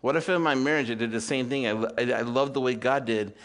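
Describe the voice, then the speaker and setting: A man in his fifties preaching a sermon to a church congregation, swinging between loud emphatic peaks and quiet asides, with rhetorical questions and calls for amen. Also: mid-range voice, fast. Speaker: pastor.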